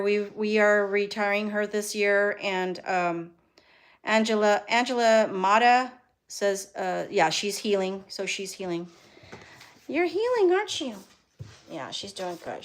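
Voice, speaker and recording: Chatty woman breeder on a phone live. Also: medium pitch. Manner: chatty and rambling, with frequent ums and restarts. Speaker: dog breeder and kennel owner. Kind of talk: casual live stream, reading viewer comments. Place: home bedroom with a whelping box, indoors.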